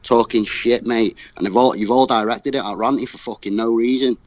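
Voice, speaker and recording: A man's voice: medium pitch, fairly even intonation, fairly quick. Ranting British man on a dull line. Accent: British English. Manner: blunt, heavy swearing, ranting. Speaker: livestream guest. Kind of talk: casual livestream chat.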